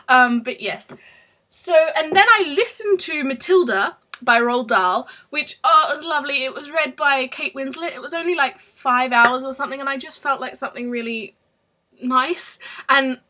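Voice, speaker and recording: A woman's voice: on the high side, bright, forceful tone. A woman giving a casual book review vlog, chatty, with lots of ums and restarts.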